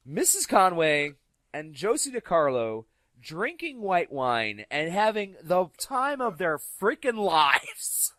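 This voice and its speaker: Male podcast regular, bright lively storyteller who slips into voices, close dry sound. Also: on the high side, unhurried, no room sound. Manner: animated, acts out quoted voices. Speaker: podcast regular telling stories. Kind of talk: casual storytelling.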